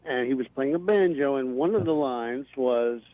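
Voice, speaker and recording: A man's voice: mid-range voice, moderate pace, no echo. A man calling a radio show with a request, polite and a little rambling. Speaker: caller. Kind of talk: phone-in request. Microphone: phone. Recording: dry, dull phone line.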